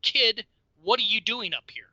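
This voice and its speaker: A man voicing a stern male drag strip official who gruffly questions a kid, in dull lo-fi audio. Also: high-pitched, moderate pace, bright, forceful tone, dry recording, pitched above the performer's own voice, exaggerated voice.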